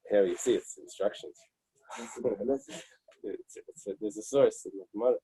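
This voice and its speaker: A man teaching a Talmud study group, reading Aramaic lines and then working through them in English. His voice is husky and sits a little low. He restarts his sentences often, and the sound is dry and close. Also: slow, mellow, no room sound, low-quality recording. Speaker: Talmud class leader.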